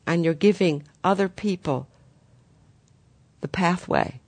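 Gentle spiritual teacher, dry close sound. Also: medium pitch, slow, no echo. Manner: gentle, guiding, addresses listeners as "dear ones".

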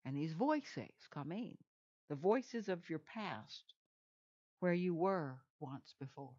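A woman leads a guided meditation in a gentle, soothing voice. She speaks very slowly and repeats her phrases, and her voice sits a little low. The recording sounds dull and lo-fi. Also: expressive. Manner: slow, soothing, repetitive phrasing.

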